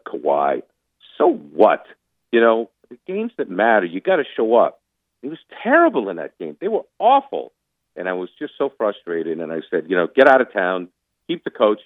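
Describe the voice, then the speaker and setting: A man's voice: on the low side, dry recording. A man calling in as a sports commentator, talking in a casual interview with emphatic, opinionated rants. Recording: tinny phone line.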